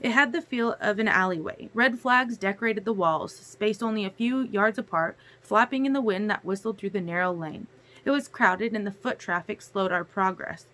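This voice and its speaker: A woman narrating a novel chapter aloud in a steady storytelling manner. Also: medium pitch, moderate pace. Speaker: audiobook reader. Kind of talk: audiobook narration.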